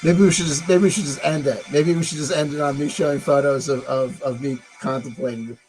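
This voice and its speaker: Rambling streamer man, slightly high voice. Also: steady tone, fairly quick, darkish tone, soft background music, low-quality recording. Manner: rambling, musing aloud, swearing. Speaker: live-stream host. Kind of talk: casual live-stream commentary.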